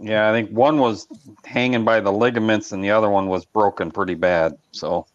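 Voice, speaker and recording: Low-voiced man on dull, dry audio. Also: steady tone, moderate pace, no room sound. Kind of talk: casual chat on a live stream.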